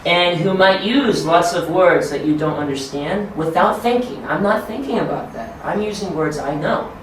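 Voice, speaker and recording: An American man giving an informal teacher training talk, animated and laughing as he acts out quotes. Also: high-pitched, normal speed, a little hiss or hum. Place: training room. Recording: echoey room, mic far off.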